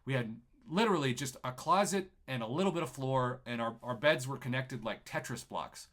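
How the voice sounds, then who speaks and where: A young man from New Mexico telling his own life story in an animated, emotional way, acting out the people he quotes. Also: mid-range voice, brisk. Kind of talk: personal storytelling.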